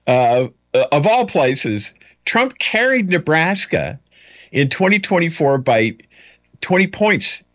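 A man's voice: fairly high pitch, big pitch swings, slow, fairly bright tone, no room sound. A man hosting a political commentary show, talking in a rambling way with many fillers and restarts and dry, wry asides. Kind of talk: casual political commentary monologue.

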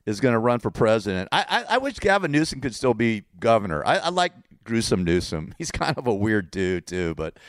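A man's voice: lowish voice, big pitch swings, brisk, hardly any pauses, no room sound, studio quality. A man from California with a Californian accent, ranting casually and sarcastically, rambling and repeating himself and laughing at his own jokes. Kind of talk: casual political rant to camera.

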